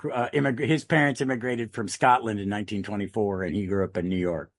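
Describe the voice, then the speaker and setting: A man's voice: on the low side, steady tone, fast talker, dry recording, studio quality. An American man chatting casually on a podcast, rambling through anecdotes and tangents. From United States. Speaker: podcast co-host.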